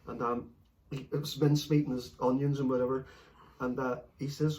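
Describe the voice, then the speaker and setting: A man, telling stories in a sweary, animated late-night chat, laughing as he goes. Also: medium pitch, fairly quick, distant mic. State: a bit stoned. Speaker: podcast host.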